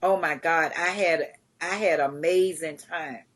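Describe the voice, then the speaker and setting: Woman, middle-aged, podcast guest, storyteller, animated, laughs often. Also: low-pitched, unhurried. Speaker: guest, community charity founder.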